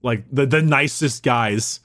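A young man co-hosting a podcast in casual chat, excited and rambling, swearing casually and laughing often. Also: medium pitch, slow. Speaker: podcast co-host.

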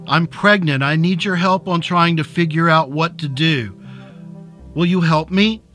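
A frightened pregnant young woman, tearful and pleading, her voice pitched up high and bright in a slow audiobook telling, as a male narrator puts her on. Faint music plays behind.

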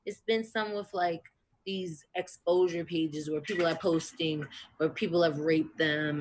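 A woman in a heated casual group discussion, talking emphatically and getting louder when outraged. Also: low-pitched, fairly even intonation, a little slow, slight background noise.

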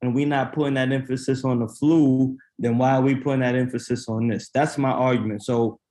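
A man's voice: mid-range voice, fairly even intonation, fairly quick, mellow. A man co-hosting a podcast who argues bluntly and skeptically in a casual debate.

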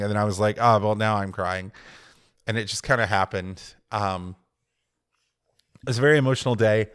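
Low, smooth-voiced man telling stories. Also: a bit bright, no echo, clean studio sound. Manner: rambling, reflective, self-interrupting. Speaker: podcast co-host. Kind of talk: casual storytelling.

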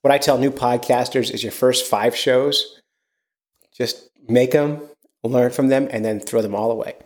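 A man's voice: medium pitch, fairly even intonation, unhurried. A man hosting a casual podcast, rambling and upbeat with lots of fillers. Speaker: podcast host.

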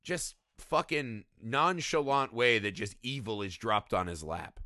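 A man's voice: fairly low pitch, a little slow, dry recording, clean studio sound. A man co-hosting a podcast, talking about films in casual, profane chat and often tagging "right?" onto his sentences. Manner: profane, animated, keeps saying "right?". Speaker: podcast co-host.

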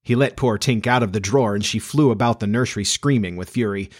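A man narrating a classic children's storybook aloud with expressive delivery. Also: fairly low pitch, fast. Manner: lively, expressive. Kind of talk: storybook reading.

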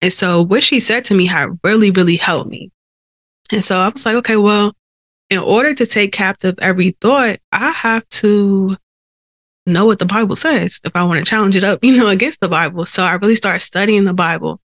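A woman hosts a faith podcast and shares her own story in an earnest, conversational manner. Her held breaths and sighs come through on a sensitive close microphone. The sound is dry, and her voice sits in a middle pitch. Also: normal speed, a bit bright, no echo. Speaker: podcast host. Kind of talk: faith-based personal testimony.

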